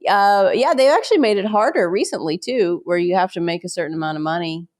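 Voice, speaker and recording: A woman in her thirties with a light Pittsburgh accent, talking as a guest in a casual podcast interview. Her voice sits a little low. She wanders off on tangents, pokes fun at herself and laughs easily. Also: fast talker. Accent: mild Pittsburgh American. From Pittsburgh, USA. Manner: rambling, self-deprecating, laughs often, animated when acting out voices. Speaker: guest, comedian and military spouse.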